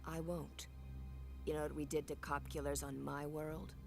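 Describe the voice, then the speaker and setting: A woman's voice: low voice, little pitch movement, normal speed, gravelly. Give me a menacing female security sergeant from a video game, with game music under her. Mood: hostile. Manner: contemptuous, menacing. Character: tough woman security sergeant, hostile and threatening.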